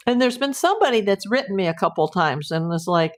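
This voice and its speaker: A woman's voice: medium pitch, animated, fast talker, few pauses. A woman, a private investigator, hosting a casual live stream from home and chatting as she answers viewer comments aloud.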